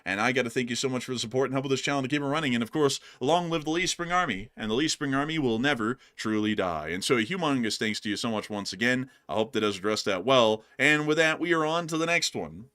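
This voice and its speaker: A young man co-hosting a live stream, giving casual, animated political commentary and speaking straight to viewers as "folks.". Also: mid-range voice, fast, few pauses.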